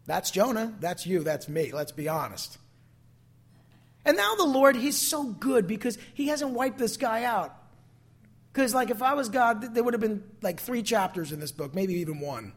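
Male preacher, high register, questioning and dramatic sermon delivery. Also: sing-song, moderate pace, breathy edge. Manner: rhetorical questions to the congregation, dramatic acted quotes.

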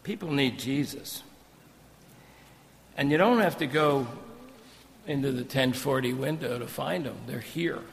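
Male missionary preacher, sermon delivery, gravelly tone, echoing sanctuary. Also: medium pitch, measured pace, pauses often, a little hiss or hum. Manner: animated, storytelling, jokey asides. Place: church sanctuary.

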